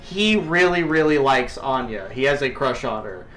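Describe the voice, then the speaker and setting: A podcast co-host chats casually, trading crude, joking banter. His voice is medium-pitched, expressive, and fairly bright, with a moderate pace.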